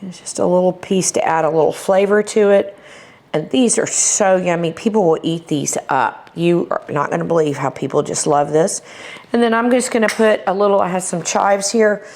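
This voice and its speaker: A woman's voice: fairly low pitch, steady tone, normal speed, a little mellow. A middle-aged woman with a Texas accent hosts a cooking demonstration. She talks in a chatty, enthusiastic, homey way, explaining each step as she prepares food. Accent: Texan. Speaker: cooking show host.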